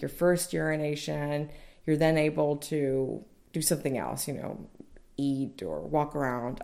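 Young woman with a low, gravelly voice telling a personal story, candid and chatty. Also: dark tone. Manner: candid, conversational, many fillers. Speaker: mother recounting childbirth.

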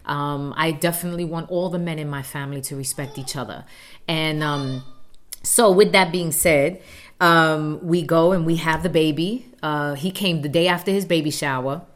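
A woman's voice: low voice, moderate pace. Earnest woman telling a family story. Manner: earnest, heartfelt narration. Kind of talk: personal storytelling.

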